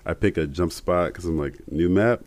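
A man's voice: low voice, moderate pace, darkish tone, no echo. A man co-hosting a podcast in casual chat, rambling and laughing often as he tells stories. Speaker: podcast co-host.

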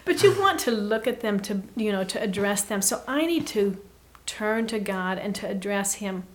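A woman guest giving an earnest, reflective faith talk, often dropping to a soft hush. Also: mid-range voice, animated, moderate pace. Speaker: podcast guest.

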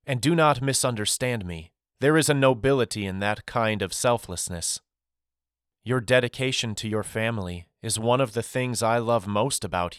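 A man voicing a gentle, grieving mother saying a tender farewell in an audiobook, speaking softly and with measured calm. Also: medium pitch, no echo, clean studio sound, lightly acted. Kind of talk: audiobook character voice.

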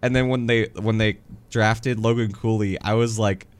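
Low-voiced easygoing podcast man. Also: steady tone, moderate pace, clear, resonant tone. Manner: easygoing, agreeable, many uh and um fillers. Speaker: podcast co-host. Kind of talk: casual chat.

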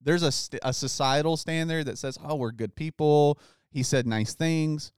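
A man hosting a podcast, talking through a Bible passage in a relaxed, casual way, often saying "like" and reading scripture aloud. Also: on the high side, normal speed, clean tone, dry recording, studio quality. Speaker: podcast host. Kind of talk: casual Bible study chat.

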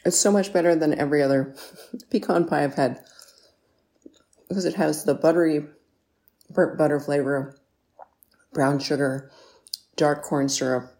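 A woman's voice: low voice, fairly even intonation, measured pace, pauses often, dark tone. A woman hosting a casual home baking vlog in her kitchen, chatty and enthusiastic, with lots of ums and appreciative mms. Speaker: baking show host.

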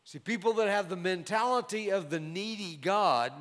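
Male preacher, high voice, measured emphatic sermon delivery, long hall reverb. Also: animated, a bit bright. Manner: measured, emphatic Bible exposition.

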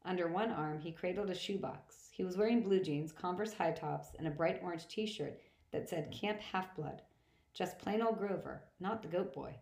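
A woman reading first-person novel narration aloud in a plain, steady manner. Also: on the low side, normal speed, creaky. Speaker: audiobook reader. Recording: roomy echo.

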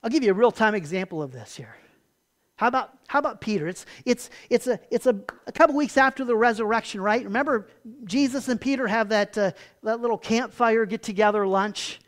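Guy preaching, chatty, restarts a lot, gets loud then goes soft. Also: high voice, a little fast. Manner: conversational, repeats words, swings from loud emphasis to quiet. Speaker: pastor. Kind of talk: sermon.

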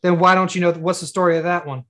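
A man's voice: high-pitched, fairly even intonation, racing, fairly bright tone. A man co-hosting a podcast in casual chat, leading topics bluntly with lots of swearing. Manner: leads topics, blunt and profane. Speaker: podcast co-host.

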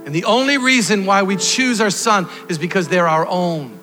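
A man preaching a sermon, swinging from loud exhortation to quiet storytelling. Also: high-pitched, moderate pace. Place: church hall. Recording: long hall reverb with faint music.

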